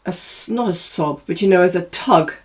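A woman coaching opera singers in a masterclass, probing and quick, humming snippets of the music as she talks. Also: lowish voice. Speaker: vocal coach.

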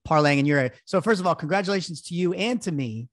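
A man's voice: a little high, animated, fast talker, a little hiss or hum. A man in his thirties, a podcast co-host, telling a self-deprecating story in casual sports betting chat. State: recovering from illness.

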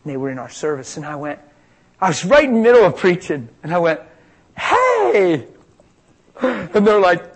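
Excitable male preacher, middle-aged, fairly high voice, swings from quiet storytelling to loud peaks. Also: quick pace, low-quality recording. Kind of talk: healing testimony sermon.

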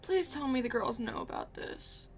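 A woman's voice: on the high side, lively intonation, normal speed, faint music behind. A young woman commenting casually on a show she is watching, emotional and exclaiming, often talking to herself. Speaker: reaction video host.

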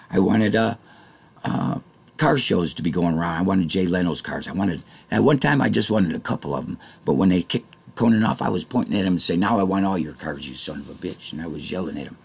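A man with a very deep, gravelly voice speaks straight to his viewers in a rambling monologue. His tone is husky and rough at the edges. He drifts between quiet muttering and angry, cursing outbursts. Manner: rambling, swings from muttering to shouting angrily, swears often. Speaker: vlogger.

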